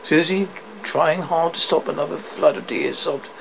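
A man's voice: fairly high pitch, steady tone, normal speed, gravelly, slight background noise, poor audio. A man reading an extract from his own book aloud, telling the story steadily with occasional slips. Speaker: author and narrator.

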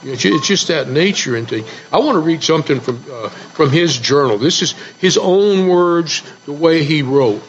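Man, radio panelist, folksy storyteller, slightly high voice, dull broadcast sound with faint hiss. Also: animated, moderate pace, few pauses. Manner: folksy storyteller who retells old fables and reads aloud from journals. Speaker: co-host and regular panelist. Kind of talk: radio talk show discussion.

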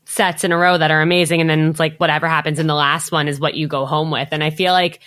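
A woman's voice: sits low, level tone, fast talker, fairly bright tone, no echo, studio quality. A woman hosting a dating podcast, chatty and upbeat and full of "like" fillers. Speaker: podcast host. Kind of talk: casual podcast chat.

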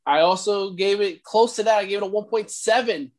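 A woman's voice: medium pitch, darkish tone. A woman co-hosting a wrestling podcast, leading segments in an upbeat, casual way. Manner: upbeat, leads segments, quick agreements. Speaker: podcast co-host.

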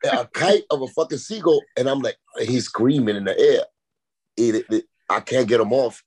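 A man's voice: mid-range voice, moderate pace, slightly rough. A man, a rapper and podcast guest, telling rambling, profane stories in a casual chat. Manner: rambling, profane, animated anecdotes.

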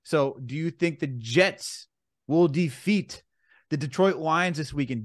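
A young man hosting a sports podcast, running through the sign-off plugs in a relaxed way. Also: fairly high pitch, unhurried, dry recording, clean studio sound. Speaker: podcast host. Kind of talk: podcast outro and sports chat.

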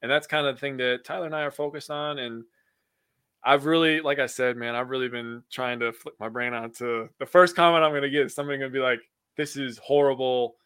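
A man co-hosting a casual sports podcast, excitable and quick to swear as he talks through the games. His voice is bright and forceful, mid-pitched, and sits dry and close with no room around it. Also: clear, resonant tone, no echo.

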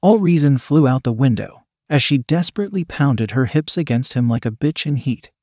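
A man reading a story aloud in a steady, scripted narration style. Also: mid-range voice, normal speed, no echo, studio quality.

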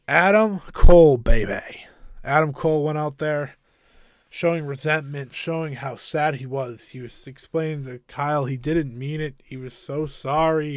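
A man's voice: a little high, dry recording, studio quality. A man giving a casual, enthusiastic and opinionated recap of a wrestling show, rambling a little with fillers.

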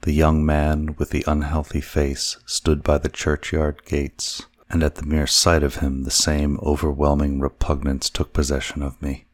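A man narrating a classic story in a measured, even reading. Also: a bass voice, dry recording, studio quality. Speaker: audiobook narrator.

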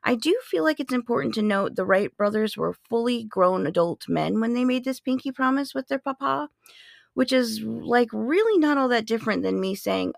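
A woman's voice: on the high side, expressive, normal speed, creaky, no room sound, studio quality. A woman in her forties hosting a podcast, sharing history facts in a playful, chatty way with sarcastic asides. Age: 40s. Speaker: podcast host. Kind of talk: casual fact-sharing monologue.

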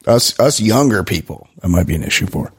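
A man co-hosting a podcast in casual chat, trading quick sarcastic quips and mock outrage. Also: low voice, lively intonation, husky, no room sound, studio quality. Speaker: podcast co-host.

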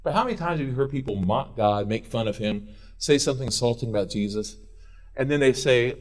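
Impassioned male pastor with a lively pitch. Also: fairly quick. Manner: impassioned preaching, swinging between loud urging and quiet intensity. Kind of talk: sermon. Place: church.

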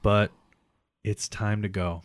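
With a lowish voice and slow pace, a man casually rolls out a lengthy gripe, cursing frequently. He animates the retelling by performing the voices of everyone he quotes.

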